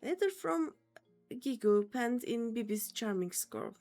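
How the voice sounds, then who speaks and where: A woman's voice: a little high, expressive, measured pace, warm tone, soft background music. A woman voicing a lovesick, dramatic male kobold leader who piles up synonyms. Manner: theatrical, strings synonyms together.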